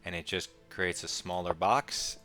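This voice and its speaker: A young man giving casual, quick play-by-play of his own chess game with wry asides. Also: deep voice, pushed and bright, soft background music. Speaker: chess streamer. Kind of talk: casual live game commentary.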